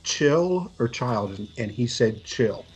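A man's voice: medium pitch, lively intonation, unhurried, darkish tone, husky. A man telling a casual, exasperated story on a podcast, swearing as he goes.

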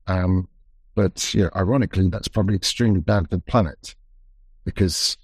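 A man with a fairly low voice tells his story in a measured, reflective manner, pausing and restarting as he thinks. The sound is dry and close, with no room around it. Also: husky, no echo. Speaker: expedition leader. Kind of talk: recounting a story in conversation.

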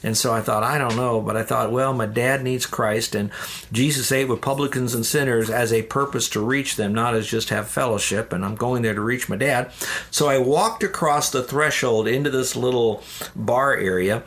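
A man's voice: mid-range voice, normal speed, fairly bright tone, slight background noise. A man, a ministry leader, earnestly telling a personal faith story in an interview. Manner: earnest, addresses listeners as "dear ones".

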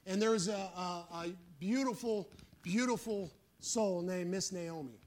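A man's voice: high-pitched, measured pace, a little mellow, a little hiss or hum. A male pastor preaching a sermon, fervent and emphatic, calling out for an "Amen" and telling folksy, plain-spoken stories.

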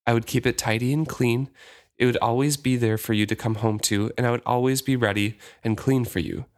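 A weary young courtesan speaks in a low, flat voice and pleads for a home of her own, as a man reads her lines aloud. The voice stays at a plain middle pitch. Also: brisk, close to an everyday voice. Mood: quiet pleading.

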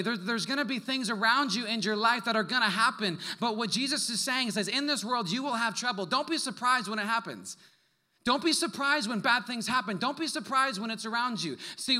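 A young man delivers a sermon to his congregation. His voice sits high and rings with a sharp brightness. He tells his stories in an animated way, full of quick asides and laughs. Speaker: pastor.

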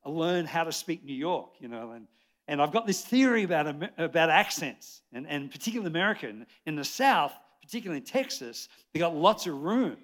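A man's voice: fairly high pitch, animated, a little fast, a bit bright. Chatty Australian pastor in his sixties. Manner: chatty, jokey, rambling with many restarts. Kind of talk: lively sermon. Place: church service before a congregation.

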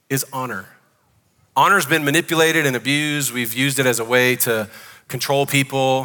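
A man with a Southern US accent preaching a sermon as pastor, joking and animated. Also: medium pitch, in a large hall. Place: church sanctuary.

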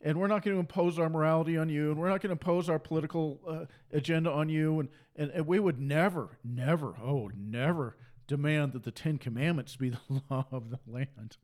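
A man's voice: on the high side, fairly quick, darkish tone. Fervent man preaching, raised voice. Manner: fervent, repetitive, mocks opponents in sing-song asides. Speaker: preacher on a livestream. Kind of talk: impassioned preaching monologue.

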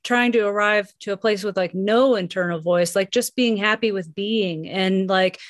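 A woman's voice: mid-range voice, normal speed, dry recording, clean studio sound. A woman co-hosting a casual podcast chat, reflective and rambling, laughing often.

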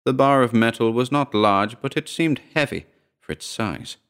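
A man narrating a short story in a steady, measured reading. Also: medium pitch, smooth.

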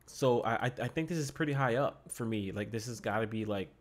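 A man co-hosting a podcast, chatting casually about a film, excitable and often repeating words as he goes. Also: mid-range voice, a little fast. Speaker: podcast co-host. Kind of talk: casual movie review chat. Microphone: podcast microphone.

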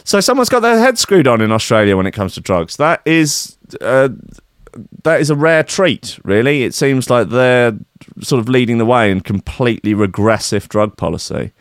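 A man's voice: medium pitch, sing-song, normal speed, smooth, no room sound, clean studio sound. A man hosting a casual chat show, sarcastic and chatty, laughing often. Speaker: radio show host.

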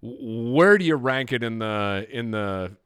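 A man hosting a laid-back movie podcast in a dry, close-miked sound. He talks in a relaxed, hesitant way, filling pauses with "uh" and checking in with "right?". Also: medium pitch, clean tone, no room sound. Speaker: podcast host. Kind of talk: casual movie chat.

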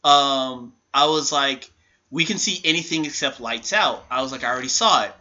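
A man's voice: medium pitch, normal speed. A young man co-hosting a podcast, telling a story in a casual chat, acting out what people said and swearing freely. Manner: animated storyteller, acts out quotes, swears freely. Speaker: podcast co-host. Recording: lo-fi podcast recording.

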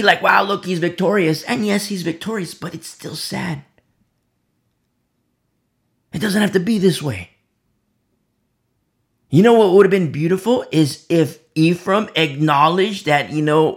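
A man preaching a verse-by-verse sermon who swings from loud emphasis to hushed whispers and repeats key phrases for weight. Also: a little high, measured pace. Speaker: preacher leading a Bible study.

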